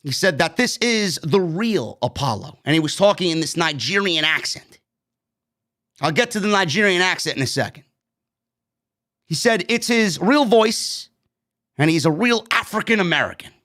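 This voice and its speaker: A man's voice: high-pitched, animated, moderate pace, sharp tone. A man from New York hosting a casual live-stream wrestling review, recapping the show and giving blunt opinions in a chatty way. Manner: opinionated, chatty, recaps events then gives his take.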